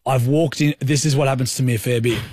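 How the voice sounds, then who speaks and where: A man hosting a radio show, telling animated stories in casual banter and doing voices for the people in them. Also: medium pitch, fast, slightly rough, no room sound, clean studio sound. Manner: animated storyteller, does voices in his anecdotes. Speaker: radio host. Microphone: studio mic.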